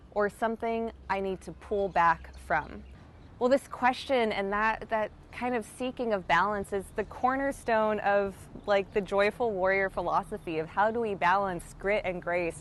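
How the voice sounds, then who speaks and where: A woman hosting a self-help video, talking casually and playfully to her viewers and slowing into a calm, guiding cadence for mindfulness prompts. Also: mid-range voice, a little hiss or hum. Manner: chatty and playful, with swearing and light laughter. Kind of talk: casual direct-to-camera talk with guided mindfulness.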